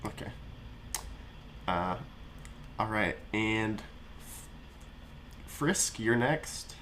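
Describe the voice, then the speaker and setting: A man running a tabletop storytelling game, speaking softly and slowly and laughing often. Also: fairly low pitch, expressive. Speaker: game facilitator.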